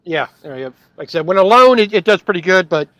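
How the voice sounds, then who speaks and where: This trucker's headset livestream from the cab is low-quality with no room sound, and his high, slightly bright voice runs fast and animated. He rambles in a scattered way, repeating words and laughing easily.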